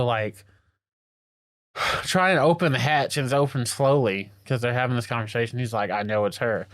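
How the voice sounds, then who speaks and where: A man in casual podcast chat, telling a story with excited, slangy energy and popping into quick voices for each character. His voice sits at an ordinary middle pitch. The sound is dry and close, with no room around it. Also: no room sound. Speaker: podcast co-host. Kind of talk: casual anime recap chat.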